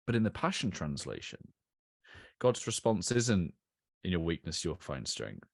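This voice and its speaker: A man's voice: deep voice, big pitch swings, unhurried, creaky, no room sound, studio quality. A man hosting a podcast, thinking aloud reflectively with fillers in casual interview chat. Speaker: podcast host.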